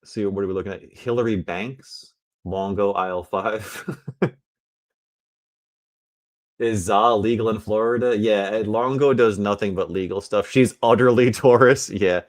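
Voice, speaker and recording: A man's voice: lowish voice, steady tone, measured pace, no echo, clean studio sound. A man hosting a casual livestream chat, laid-back and teasing with crude banter. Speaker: host.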